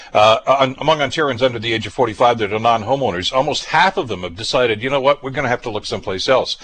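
A man hosting a talk radio show, brisk and conversational, interviewing guests. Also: medium pitch, fairly bright tone, husky, poor audio. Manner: brisk, conversational, frequent uh fillers.

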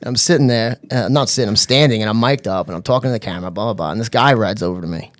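A man telling a funny story in casual chat, animated and laughing often, with lots of "you know" and "bro". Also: lowish voice, rapid-fire, no echo. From New York area. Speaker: podcast guest.

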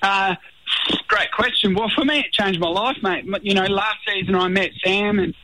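An Australian man, a reality show contestant, chatting in a relaxed radio interview and saying "mate" often. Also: high-pitched, moderate pace, crowd noise, rough recording. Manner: laid-back, says mate a lot.

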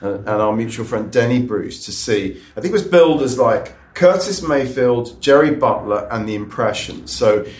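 A man in a casual chat, recalling a concert he saw, with halting restarts. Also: mid-range voice, expressive, a little mellow, roomy sound. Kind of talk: casual chat, recounting a memory.

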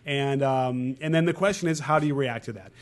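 A man's voice: mid-range voice, brisk. Wry man thinking aloud on a podcast. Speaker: podcast co-host. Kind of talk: political discussion podcast.

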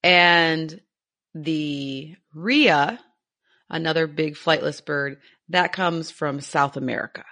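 A woman's voice: low voice, takes it slowly, bright, forceful tone. A woman co-hosting a casual animal podcast, chatty and enthusiastic, laughing often. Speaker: podcast co-host.

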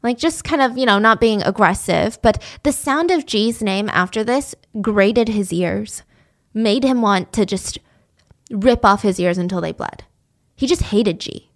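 A woman's voice: medium pitch, a little slow. A young woman telling a true-crime story in a casual, chatty way, full of "like". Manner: chatty, lots of "like".

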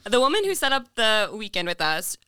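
A woman's voice: medium pitch, very animated, sharp tone. A woman on a podcast telling a story in casual chat, chatty and filling her sentences with "like". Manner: chatty, fills every pause with "like". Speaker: podcast guest.

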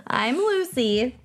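High, lively teasing woman. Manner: teasing, playful. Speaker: podcast co-host. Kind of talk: casual chat.

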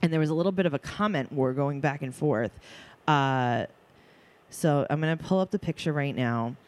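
A woman's voice: sits low, normal speed, darkish tone. A woman co-hosting a podcast, chatting casually with blunt, crude teasing, with hiccups, in a home studio. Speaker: podcast co-host. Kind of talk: casual chat.

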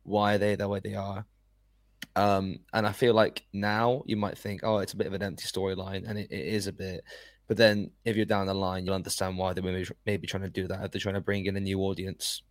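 A man's voice: deep voice, flat delivery, a little fast, no echo, studio quality. A man co-hosting a podcast, talking through his opinions in a casual chat. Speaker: podcast co-host.

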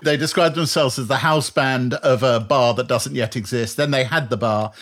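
A man's voice: mid-range voice, normal speed, a bit bright. A man hosting a lunchtime interview, asking wry and probing questions in a chatty way. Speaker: interview host. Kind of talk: conversational interview.

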